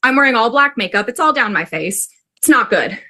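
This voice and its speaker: A woman from the Pacific Northwest telling a personal story to a class in an animated, chatty way, full of "like". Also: on the high side, a little fast. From Pacific Northwest, USA. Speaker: student storyteller.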